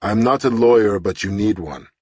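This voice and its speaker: A man's voice: fairly low pitch, normal speed, a little mellow, husky, no echo. A man voicing a curt, detached man cutting a phone call short.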